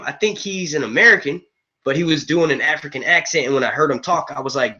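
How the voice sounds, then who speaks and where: A man's voice: fairly high pitch, expressive, a little fast, bright, forceful tone. Rambling, profane young-sounding man streamer. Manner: rambling, profane, casual, says "yo" a lot. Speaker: host of a movie and TV review stream. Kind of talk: live-stream chat with viewers. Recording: dull lo-fi stream audio.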